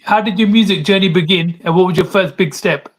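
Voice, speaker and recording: A man's voice: high-pitched, fairly quick. A man hosting an interview, asking questions and giving brief affirming replies. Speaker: interview host.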